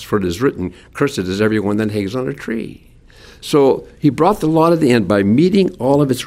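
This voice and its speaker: A man preaching a sermon as a pastor, lively and folksy with homespun sayings. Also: on the low side.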